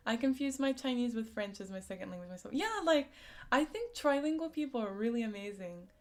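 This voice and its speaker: A woman's voice: on the high side, animated, moderate pace. A young woman hosting a casual live stream, chatting and giggling as she answers viewers' comments with lots of "like" and "um". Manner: giggly, chatty, frequent likes and ums.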